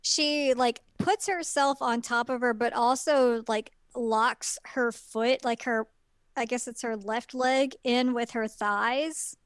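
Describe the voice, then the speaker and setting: Young woman, casual chat, relaxed comments, fairly high voice, smooth, dry. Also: slow, no room sound. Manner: relaxed, chiming in with short comments. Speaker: podcast co-host.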